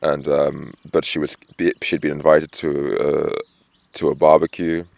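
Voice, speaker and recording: A man's voice: very deep voice, little pitch movement, unhurried, creaky, darkish tone, no room sound. A tired, dehydrated man rambling outdoors at a roadside camp, full of fillers and swearing. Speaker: vlogger on a long walk. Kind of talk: rambling casual monologue.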